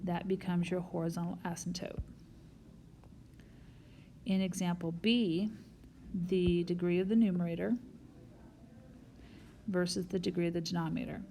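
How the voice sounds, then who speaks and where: A woman's voice: lowish voice, fairly even intonation, moderate pace, long pauses, mellow, slight background noise. A woman math teacher recording a whiteboard lesson, explaining each step patiently and talking straight to her students.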